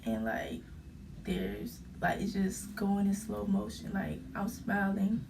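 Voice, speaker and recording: Young woman fighting back tears, gravelly. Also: mid-range voice, very animated, distant mic, background noise. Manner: halting, emotional retelling, full of fillers. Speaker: vlogger. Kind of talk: storytime vlog.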